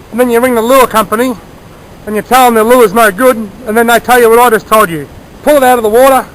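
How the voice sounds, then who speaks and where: A man's voice: extremely high pitch, fairly bright tone, a little hiss or hum, low-quality recording. A man chatting enthusiastically as he fishes by a small creek outdoors, explaining his gear and sharing tips. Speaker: fishing vlogger. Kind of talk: casual outdoor narration.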